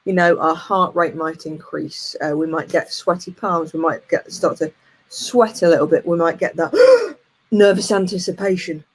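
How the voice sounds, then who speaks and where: A woman in her forties, a coach giving a lively, plain-spoken motivational talk and telling a frank personal story. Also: lowish voice, moderate pace, slightly rough. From United Kingdom. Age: 40s.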